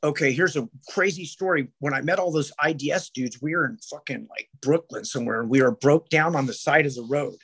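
A man's voice: a little high, fairly quick, few pauses, a bit bright, husky. A man as a podcast guest, telling rambling stories with heavy swearing and many restarts. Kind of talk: casual podcast chat.

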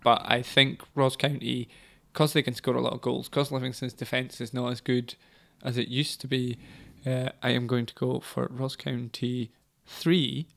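Gravelly-voiced Scottish man chatting football. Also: medium pitch, level tone, moderate pace, hardly any pauses, a bit bright. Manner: self-deprecating, chatty, laughs often. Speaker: podcast co-host. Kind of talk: casual football chat.

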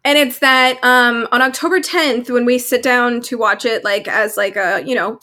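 A young woman co-hosting a podcast, talking casually and eagerly with lots of fillers. Her voice sits a little high. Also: normal speed, sharp tone. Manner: chatty, enthusiastic, with many fillers. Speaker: podcast co-host. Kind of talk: casual chat. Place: Vancouver.

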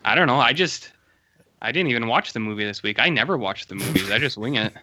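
A man's voice: medium pitch, expressive, fast, bright, forceful tone, a little hiss or hum. A Canadian man co-hosting a podcast, joking and rambling with lots of fillers. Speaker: podcast co-host. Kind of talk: casual chat.

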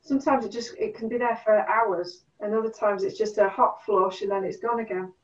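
A middle-aged woman telling stories in a casual chat, animated, acting out what people said. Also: medium pitch, a little fast. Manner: animated storyteller, acts out quotes. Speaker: guest. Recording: distant, roomy, dull sound.

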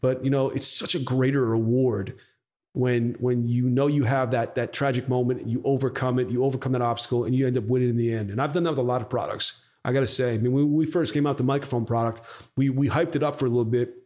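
A man's voice: medium pitch, fast. A man telling a story in a casual podcast interview, swearing freely and acting out what people said. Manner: animated storyteller, swears freely, acts out quotes. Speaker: podcast guest, company founder.

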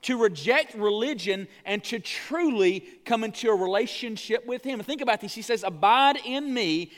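A man preaching a sermon as pastor, earnest and speaking straight to his church, slowing down on key phrases. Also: sits high. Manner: earnest, addresses the congregation directly.

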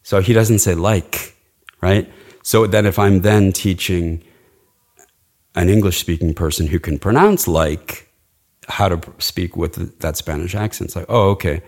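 A man's voice: deep voice, moderate pace, darkish tone. A middle-aged man, an accent coach, chatting casually in an interview, rambling and demonstrating sounds with enthusiasm.

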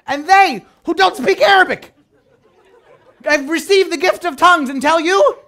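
A man preaching a sermon as a priest. He talks in an animated way, acts out the voices he quotes and swings from loud to hushed. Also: very high voice, moderate pace, a faint crowd.

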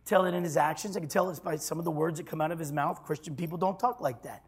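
A man preaching a sermon as pastor, telling a story and swinging from loud declarations to hushed tones. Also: fairly high pitch, quick pace, breathy edge.

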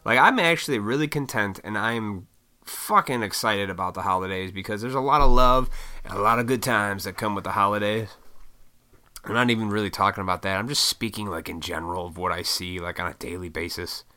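A man from Illinois ranting in a casual solo monologue, blunt and profane, with mocking high-pitched put-on voices. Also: brisk, sharp tone. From Illinois, USA. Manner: works in restaurants.

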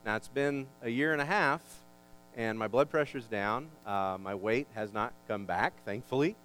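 A male pastor preaching a sermon, building in pitch and volume for emphasis, with folksy asides and jokes. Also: normal speed, a bit bright, rough recording. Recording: faint mains hum.

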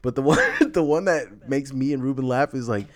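A man's voice: medium pitch, a little fast, a little mellow, no room sound. A young man hosting a podcast, telling rambling stories in casual chat, laughing often and swearing freely. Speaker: podcast host.

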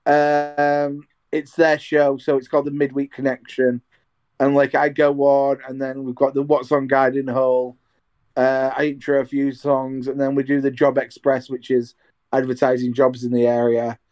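A man's voice: medium pitch, completely flat delivery, normal speed, darkish tone. A young man chatting casually over a video call from his half-decorated bedroom, rambling with restarts about training as a radio presenter. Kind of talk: casual chat. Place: home bedroom being decorated.

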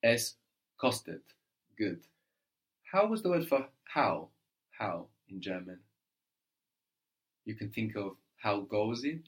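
A man's voice: lowish voice, very animated, slow, long pauses. Patient man teaching a language. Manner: patient, prompting, frequent "no?" checks. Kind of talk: one-on-one German lesson.

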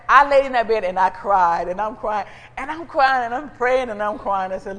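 Woman preacher, kinda high voice, chatty animated sermon, big echoey church. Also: moderate pace, hardly any pauses. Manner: animated, conversational, calls out to the congregation. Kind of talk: sermon with personal testimony. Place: church sanctuary.

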